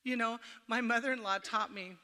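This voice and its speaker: Speaking at normal speed, a middle-aged woman with a highish, bright, forceful voice and fairly even intonation gives a workshop talk at a women's church camp. The echoey camp meeting hall carries her folksy, chatty homey stories and jokes with the audience.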